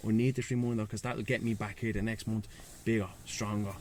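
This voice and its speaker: A man's voice: on the low side, little pitch movement, brisk, a little mellow, a little hiss or hum. A man with a Dublin Irish accent talks as a guest in a casual chat, frank, slangy and swearing freely, outdoors by the sea. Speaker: guest, breathwork and sea-swim facilitator.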